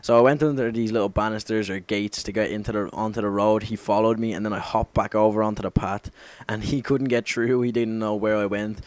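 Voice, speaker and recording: A man's voice: lowish voice, steady tone, a little fast, a little mellow, dry recording. A young man telling a story casually over gameplay, rambling, swearing a lot and correcting himself as he goes. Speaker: gaming commentator.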